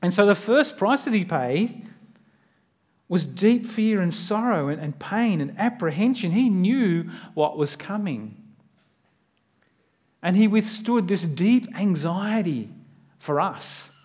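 A man delivers a sermon in a notably high voice. He keeps it earnest and conversational rather than grand. He keeps drawing the listener in with direct questions. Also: animated, slow, a little mellow, slightly rough. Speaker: preacher.

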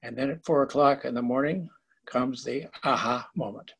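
A man giving a short prepared talk as an invited guest, in measured, declarative sentences. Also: mid-range voice, gravelly, husky.

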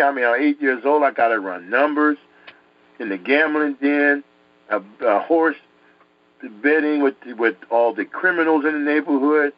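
A man's voice: a little high, moderate pace. A man from New York telling a dramatic personal story, emphatic and repeating words for effect. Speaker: guest telling his testimony. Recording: dull dry recording.

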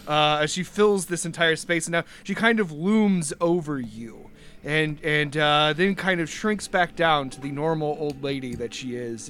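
A man's voice: on the high side, a bit bright. A man narrating as game master in a tabletop role-playing game, rambling with lots of fillers. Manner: rambling, full of uh and like, breaks into laughter.

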